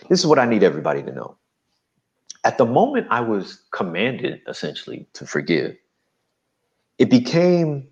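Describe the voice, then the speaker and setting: A man's voice: medium pitch, normal speed, muffled recording. A man from New Jersey, a guest giving an emphatic personal testimony in an interview. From New Jersey, USA. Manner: animated, emphatic storytelling.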